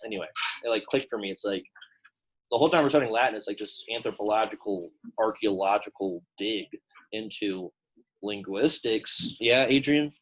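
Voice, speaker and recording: Casual young man teaching in a classroom, husky voice, lots of "like". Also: on the low side, moderate pace, low-quality recording. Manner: casual, chatty, lots of "like" fillers. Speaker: Latin teacher. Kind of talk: classroom lesson.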